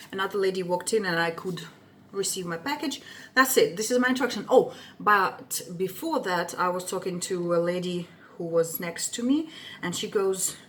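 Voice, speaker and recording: A young woman whose first language is Russian, telling a story in an indignant, expressive rant and swearing freely. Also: mid-range voice, a little hiss or hum. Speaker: vlogger.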